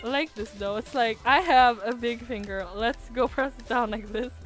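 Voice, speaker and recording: A woman's voice: fairly high pitch, moderate pace, faint music behind. A woman streaming a building game, chatting in a self-mocking way and breaking into laughs and squeals. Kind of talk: casual game-stream commentary.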